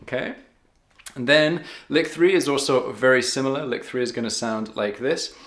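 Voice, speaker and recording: A man of middling pitch teaches harmonica licks patiently, one step at a time. He counts the beats aloud as he walks through each lick. His voice carries a roomy echo. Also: normal speed, fairly bright tone. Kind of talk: step-by-step music lesson.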